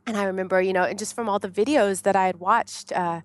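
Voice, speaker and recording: An American woman tells her story in casual, lively conversation at a mid-range pitch. She laughs often and acts out her own past shouts. Her voice sounds close and dry, with no room echo. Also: normal speed, long pauses. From United States. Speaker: podcast guest telling her birth story.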